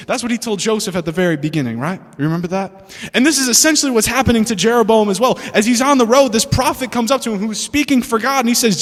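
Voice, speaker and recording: Young male preacher, high bright voice, lively and chatty with the crowd; long hall reverb. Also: fast, few pauses. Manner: animated, laughing asides, asks the room questions. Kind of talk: sermon. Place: church hall with an audience.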